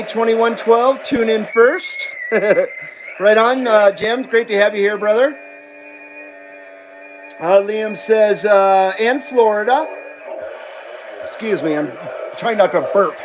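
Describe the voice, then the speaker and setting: A man's voice: high voice, noisy background. A man hosting a CB radio livestream, reading chat messages aloud in a rambling, self-deprecating way and laughing often. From western United States.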